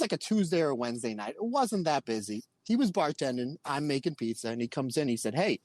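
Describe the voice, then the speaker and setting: A Pennsylvania man co-hosting a podcast tells a long, animated story in casual chat, acting out the quotes. His voice sits at a medium pitch, and the recording is dry.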